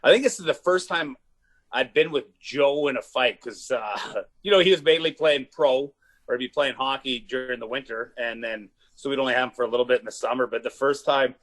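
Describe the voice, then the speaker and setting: A man who is a comedian guest telling rowdy stories in casual chat, animated and swearing, often laughing. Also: medium pitch, brisk. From Canada. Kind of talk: casual storytelling.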